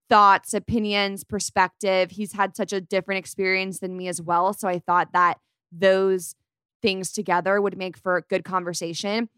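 A woman's voice: medium pitch, a bit bright, clean tone, no echo. Young woman hosting a podcast, chatty and bubbly with a valley girl lilt, dry close mic. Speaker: podcast host. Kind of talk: casual podcast chat.

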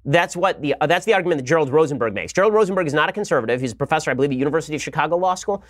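Male podcast host, rapid-fire, combative and sarcastic, commentary monologue. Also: on the high side, lively intonation, dry recording, studio quality.

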